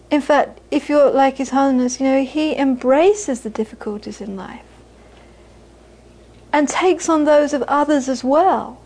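A woman's voice: high-pitched, mellow, rough recording. A woman, a Buddhist teacher, giving a dharma talk to a live audience with anecdotes, frequent laughter and repeated phrases for emphasis.

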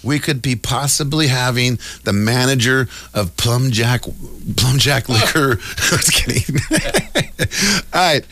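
A man's voice: mid-range voice, slow pace, sharp tone. A middle-aged man hosting a casual talk show, riffing animatedly and cracking jokes. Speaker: show host. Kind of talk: casual chat.

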